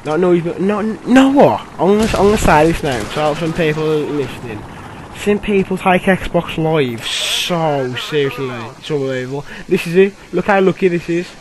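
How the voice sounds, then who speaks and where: A man's voice: a little high, moderate pace, a crowd in the background, low-quality recording. Rambling young gamer guy. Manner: rambling, filler-heavy, bursts of excitement. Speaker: gameplay commentator. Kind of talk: casual game commentary.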